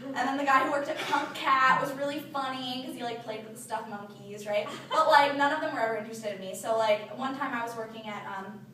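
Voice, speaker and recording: A woman's voice: sits high, fairly even intonation, fairly quick, few pauses, bright, forceful tone, a little hiss or hum. A young woman from Ohio casually telling a self-mocking, rambling story to a group, giggling often. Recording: roomy, distant mic, crowd chatter.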